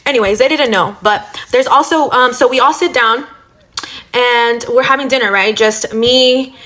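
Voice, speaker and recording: A woman's voice: a little high, normal speed, a bit bright. A young woman telling a casual storytime rant, blunt and profane, full of fillers like "like" and "you know". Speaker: storytime vlogger.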